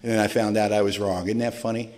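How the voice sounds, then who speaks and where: A man's voice: lowish voice, flat delivery, fast talker, darkish tone. A middle-aged man giving a candid, earnest personal testimony to a recovery meeting audience, talking in a conversational storytelling way. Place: large hall with long reverb. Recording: live hall recording with long reverb.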